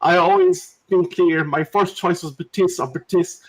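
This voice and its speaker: A man's voice: sits high, moderate pace, husky, pitched above the performer's own voice, poor audio. A man putting on the voice of a weepy, melodramatic male footballer, whiny and self-pitying. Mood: mock sobbing.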